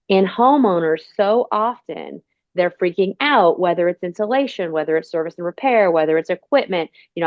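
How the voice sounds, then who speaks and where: A woman's voice: on the low side, expressive, normal speed, no room sound. Woman host rambling through a story, dry dull call audio. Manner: chatty, tells long personal stories. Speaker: podcast host. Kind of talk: casual storytelling interview.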